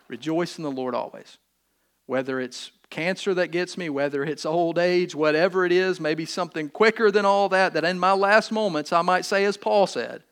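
A male pastor preaching a sermon, emphatic, repeating key words and swinging between loud stresses and quiet asides. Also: high voice.

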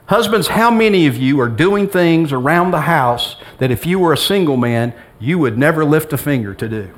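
A man's voice: on the high side, expressive, moderate pace. Man preaching a conversational sermon. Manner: conversational preaching with humor and quoted dialogue. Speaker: pastor. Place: church sanctuary with congregation.

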